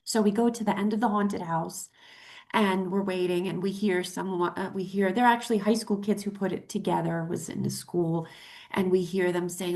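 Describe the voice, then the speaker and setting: A middle-aged woman tells a story in a casual talk show. She is chatty and animated, often restarting her sentences. She acts out the voices of the people she quotes. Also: mid-range voice, moderate pace. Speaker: co-host.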